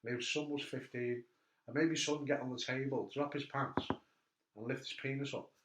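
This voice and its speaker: An animated man hosts a relaxed chat, telling stories and laughing along with them. His voice sits at an ordinary pitch. It is recorded with noticeable room echo. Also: normal speed, background noise. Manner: animated storyteller, laughing at his own anecdotes. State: hurt back. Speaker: host. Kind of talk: casual chat. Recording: echoey room.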